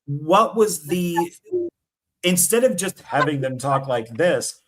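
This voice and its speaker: A man's voice: fairly high pitch, lively intonation, slow pace, fairly bright tone. A man interviewing a filmmaker, laughing often and asking loose, rambling questions. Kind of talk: casual interview chat.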